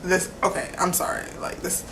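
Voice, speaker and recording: A woman's voice: moderate pace, fairly bright tone, slight background noise. A young woman rambling casually in a vlog, filling nearly every phrase with "like" and laughing between sentences. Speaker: vlogger.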